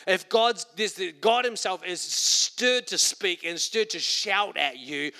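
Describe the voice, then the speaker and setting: A middle-aged man with a New Zealand accent preaching a sermon in a conversational way that bursts into loud, emphatic quotations. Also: high-pitched, slow, vocal fry.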